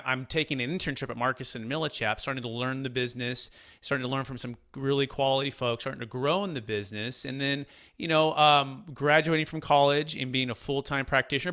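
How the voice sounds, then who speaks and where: A man in his thirties from Northern California, a commercial real estate broker telling his life story in an energetic, conversational way. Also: medium pitch. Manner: energetic, repeats words when restarting.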